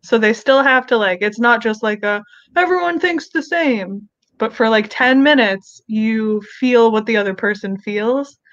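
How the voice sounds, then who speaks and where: A woman's voice: a little high, a bit bright, no echo, lo-fi sound. A woman co-hosting a podcast in casual chat, playful and joking. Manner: playful, joking, quick to laugh. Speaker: podcast co-host.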